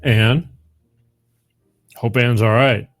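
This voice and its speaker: A man's voice: medium pitch, fairly even intonation, extremely slow. A middle-aged man hosting a call-in show, chatting casually and rambling, with frequent laughs and repeats. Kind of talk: casual call-in radio chat.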